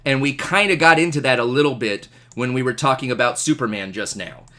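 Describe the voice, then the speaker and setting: A man teaching an astronomy class, animated and jokey, asking questions. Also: medium pitch, fairly quick. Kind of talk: classroom lecture.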